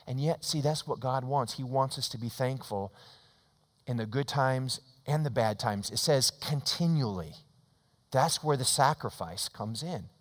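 A middle-aged man preaching a sermon as a pastor. He tells a story and moves between loud, emphatic lines and hushed ones. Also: mid-range voice, normal speed. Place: church sanctuary. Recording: long reverb of a church hall.

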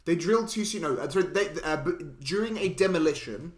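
A man's voice: fairly high pitch, fairly quick. A man, co-host of a podcast, animatedly retelling film scenes and correcting himself as he goes. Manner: animated storytelling with asides and self-corrections. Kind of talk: casual film discussion. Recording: echoey room.

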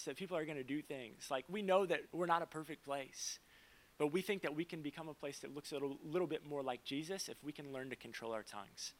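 A young man serving as pastor preaches in a loose, conversational way, breaking off for quick asides and funny stories. He has a slightly high voice and a fairly bright tone.

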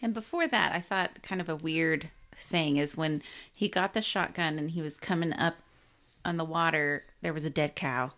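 A woman's voice: deep voice, moderate pace, a bit bright. A woman co-hosting a podcast, chatting casually about a movie with short agreeing replies and dry jokes. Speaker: podcast co-host. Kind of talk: casual movie recap chat.

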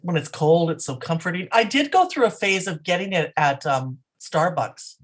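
A middle-aged woman co-hosting a podcast in casual chat, talkative and quick to laugh. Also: lowish voice, animated, husky. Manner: chatty, laughs often, restarts sentences. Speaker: podcast co-host.

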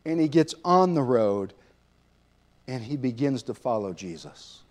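A man's voice: mid-range voice, big pitch swings, unhurried, darkish tone. A man teaching a sermon lesson in a conversational way, asking his listeners rhetorical questions. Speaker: preacher.

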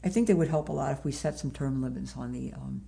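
A woman's voice: a bass voice, quick pace, vocal fry, warm tone. A woman in her sixties, an author, chatting in an interview, laughing often and restarting her sentences. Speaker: author guest. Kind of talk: casual interview chat.

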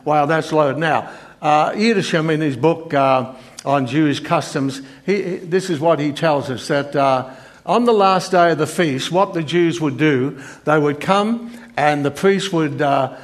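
An older man preaching a sermon, reading scripture in an earnest, halting way with many fillers and restarts. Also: a little high.

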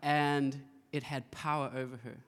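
A man's voice: medium pitch, level tone, unhurried, a bit bright, in a large hall. A man pastor preaching a sermon, telling stories with playful acted-out asides. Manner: storytelling with playful voiced asides and laughter.

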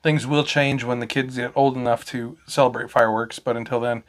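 A man in his thirties chats casually on a podcast recorded at home. He tells rambling stories and swears freely. His voice sits at an ordinary middle pitch. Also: steady tone, fairly quick. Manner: swearing, storytelling. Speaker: podcast co-host. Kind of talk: casual chat.

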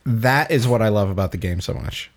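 A man chatting casually about a video game, relaxed and chuckling as he recounts a scene and mimics its characters. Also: on the low side, a little fast. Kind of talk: casual gaming chat.

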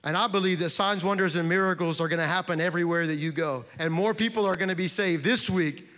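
A pastor with a high, bright male voice talks fast as he delivers an impassioned sermon, building through repeated refrains. His words ring out with a long reverb in a large church sanctuary.

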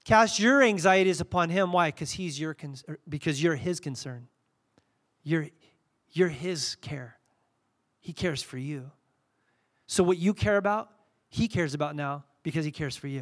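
A man in his forties preaching a sermon, conversational and personal, swinging between soft intimate passages and loud fervent peaks. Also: fairly high pitch, a little slow, pauses often. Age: 40s. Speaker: pastor.

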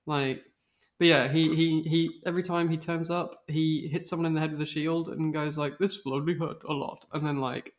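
A man with a somewhat high voice co-hosts a podcast. He gushes about a TV show in a fast, casual flow and drops the odd swear word. His tone is eager and informal. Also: level tone. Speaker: podcast co-host. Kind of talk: casual chat recapping a TV show.

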